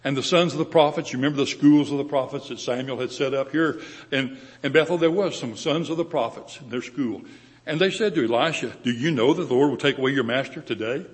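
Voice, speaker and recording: A man's voice: mid-range voice, fast, in a large hall. An older man teaching a sermon in a conversational way, retelling scripture in his own words. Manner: conversational Bible teaching with paraphrased quotes. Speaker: preacher.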